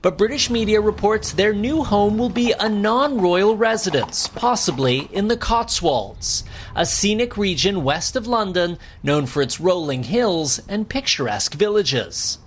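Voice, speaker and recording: A man narrating a scripted television news report with a high voice and a measured, formal delivery. A faint hiss sits under the recording. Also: expressive. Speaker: news correspondent.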